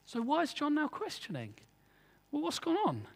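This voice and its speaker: A man's voice: extremely high pitch, wildly swooping pitch, normal speed, long reverb tail. A man preaching a sermon in an earnest, conversational way, often asking his listeners rhetorical questions.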